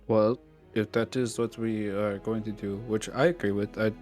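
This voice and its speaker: A man's voice: on the low side, fairly even intonation, moderate pace, darkish tone, soft background music. A man playing a tabletop game, joking and rambling in casual talk. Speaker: player.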